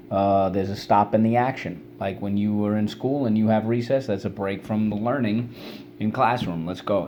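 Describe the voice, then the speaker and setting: A man's voice: fairly low pitch, mellow, slight background noise. A man teaching children a spelling lesson in an upbeat, coaxing call-and-response style.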